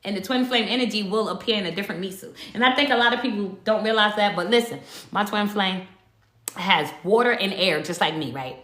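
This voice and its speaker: Animated woman telling a spiritual story. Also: mid-range voice, brisk. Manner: animated storytelling, emphatic, swears freely. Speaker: spiritual livestreamer. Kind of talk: casual livestream chat. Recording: echoey room.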